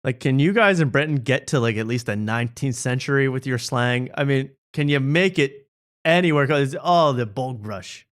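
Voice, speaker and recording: A man's voice: mid-range voice, normal speed. A man hosting a casual late-night show, mocking and joking. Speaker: host.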